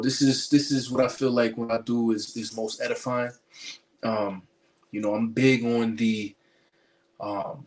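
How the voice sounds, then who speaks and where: A man giving a spiritual commentary sermon to his online viewers, preaching emphatically with many fillers and restarts. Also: medium pitch.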